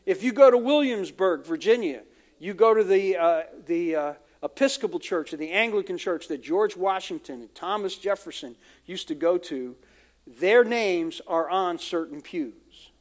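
A man's voice: high voice, lively intonation, moderate pace. A man from the United States, a pastor preaching a conversational sermon full of asides and acted-out quotes.

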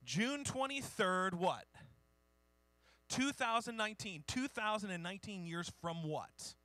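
A man's voice: high-pitched, lively intonation, a little slow, pushed and bright, dry recording. A man preaching a sermon, informal and self-deprecating, reading historical quotes aloud. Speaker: pastor.

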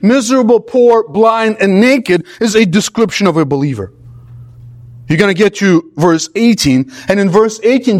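Emphatic high-voiced male preacher. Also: a little mellow. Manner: emphatic, repeats words in rhythmic lists. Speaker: pastor. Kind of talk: expository sermon.

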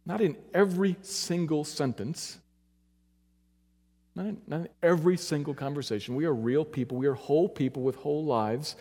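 A man's voice: moderate pace, slightly rough. Earnest male preacher in a reverberant hall. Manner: earnest, emphatic, swings between loud urging and quiet low stretches. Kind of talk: sermon.

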